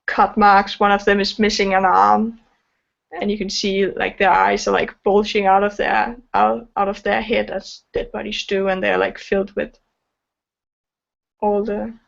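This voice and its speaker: A woman's voice: mid-range voice, flat delivery, measured pace, creaky. A woman narrating as game master of a tabletop game, hesitant and full of fillers. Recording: dull lo-fi sound.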